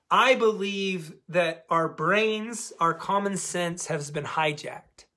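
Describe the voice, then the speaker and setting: A man's voice: on the high side, fairly bright tone. A man coaching a diet program community in a casual, emphatic talk to camera, repeating key words for stress.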